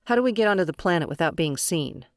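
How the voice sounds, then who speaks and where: A woman's voice: fairly low pitch, expressive, fast, dry recording, clean studio sound, natural voice. A woman voicing a tough, wry mercenary captain. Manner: blunt and wry. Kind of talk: audiobook character voice.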